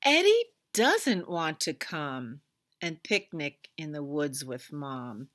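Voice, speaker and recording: A woman librarian reading a rhyming picture book aloud to children with lively expression. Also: low voice, slow, dry recording, studio quality. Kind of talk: storytime read-aloud.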